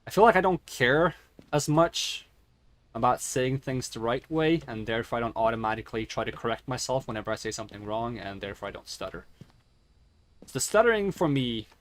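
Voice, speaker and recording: Male streamer, casual chat, halting self-correcting delivery, headset mic. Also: mid-range voice, animated. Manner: stuttering, self-correcting, rambling. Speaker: game streamer. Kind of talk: casual gaming stream talk.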